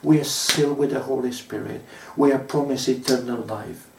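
A man preaching a sermon as pastor, telling stories in a measured way with frequent pauses and fillers. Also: mid-range voice, vocal fry, echoey room, far from the mic, background noise.

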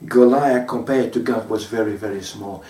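A man preaching a sermon in a mellow, darker voice, pausing often and filling gaps as he tells stories. The sound is roomy and echoes, and he stands back from the mic. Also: fairly low pitch, steady tone, distant mic. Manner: measured, warm storytelling with frequent pauses and fillers. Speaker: pastor.

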